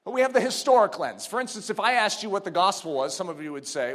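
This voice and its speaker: A man preaches a sermon, teaching step by step with rhetorical questions and building to emphatic exhortations that are nearly shouted. His high voice is expressive, and he talks quickly with few pauses.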